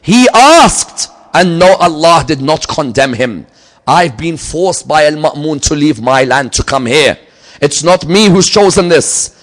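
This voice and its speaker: A man giving a religious lecture, telling a story and swinging from loud emphatic peaks to low, quiet asides. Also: expressive, unhurried. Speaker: Islamic lecturer.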